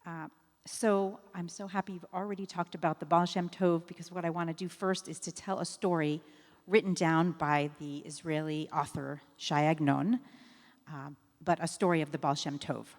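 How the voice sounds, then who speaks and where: A woman's voice: low voice, fairly even intonation, normal speed. A woman rabbi giving a sermon in a synagogue, telling a story in a conversational way with fillers and self-corrections. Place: synagogue sanctuary. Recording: long reverb of a sanctuary.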